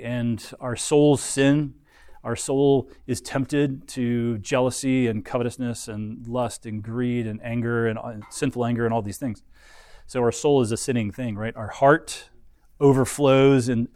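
A man gives a Bible lesson at a middle pitch, explaining step by step and often restarting his phrases. The sound is dry and close, with no room echo. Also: darkish tone. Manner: explanatory, frequent restarts and fillers. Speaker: Bible teacher.

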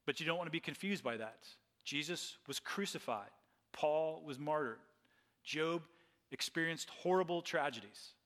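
A man's voice: a little high, expressive, moderate pace, a bit bright, in a large hall. A man preaching a sermon as pastor, earnest and often repeating phrases.

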